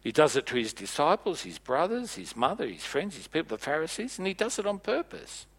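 A man preaching a sermon in a church, playful and animated, acting out bits of dialogue as he goes. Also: a little high, fairly quick, hardly any pauses.

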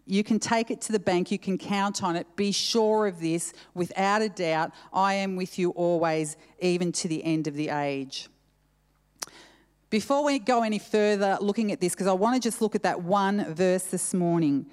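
A woman preacher delivers an earnest, conversational sermon, repeating verses with shifting emphasis and tossing in casual asides. Her lowish voice is a little mellow, heard with a long hall reverb.

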